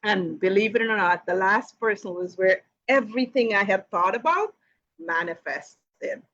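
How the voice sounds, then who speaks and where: A woman's voice: medium pitch, a little slow, fairly bright tone. Woman on a live q and a telling a story, lots of "you know", little laughs, kinda muffled stream audio. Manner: frequent "you know" fillers and light laughs. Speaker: host of a live Q and A. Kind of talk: casual personal storytelling.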